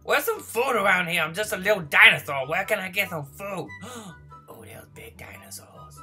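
A man voicing a lonely, needy baby male dinosaur in a game role-play, whiny and begging for friends, breathy and childlike. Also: sits high, lively intonation, moderate pace, music in the background. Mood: playful. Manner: whiny, begging for friends, turning to frantic yelling when chased. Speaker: gaming video host.

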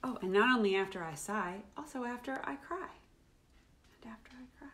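A middle-aged woman reads a picture book to children, her voice swooping up and down as she plays out each feeling. Her tone is playful and warm with a bright storyteller bounce. Faint noise sits behind her. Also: on the high side, a little fast. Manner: animated and playful, acting out feelings. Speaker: children's musician hosting a livestream. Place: at home, live streaming.

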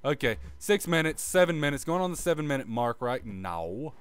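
A man's voice: a little high, big pitch swings, moderate pace, background noise. A man giving a casual gameplay tutorial, muttering and swearing as he plays and humming little sound effects like "bop bop" under his breath. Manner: offhand, self-mocking tone. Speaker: gaming video creator.

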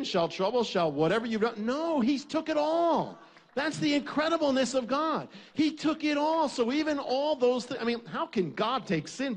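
Man preaching, high-pitched and animated, building emphatic repeated phrases. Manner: emphatic, repetitive preaching cadence. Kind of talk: sermon.

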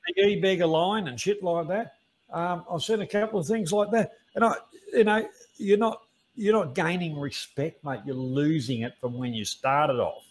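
A man with a somewhat high voice scolds someone on a live stream. He stumbles and repeats words as he goes. He swears often. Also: moderate pace. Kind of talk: heated live stream rant.

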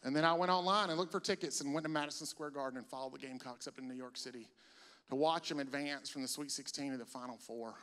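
A man's voice: fairly even intonation, quick pace, smooth. A middle-aged man from South Carolina, telling stories in a stand-up comedy set. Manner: storytelling, jumps into loud high-pitched voices for bits. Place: comedy venue on stage. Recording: live stage with long hall reverb.

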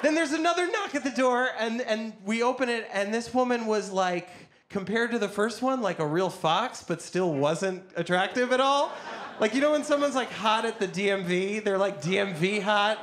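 A man in his thirties telling a stand-up story in an animated, excitable way, with quick bursts. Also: high voice. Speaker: stand-up comedian. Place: comedy stage.

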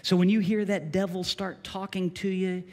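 A man preaching with energy, his voice set a little higher than most men's, hammering home short repeated phrases. His words carry through a church with a long, lingering reverb. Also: fairly even intonation, normal speed, darkish tone. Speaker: pastor. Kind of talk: sermon. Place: church sanctuary.

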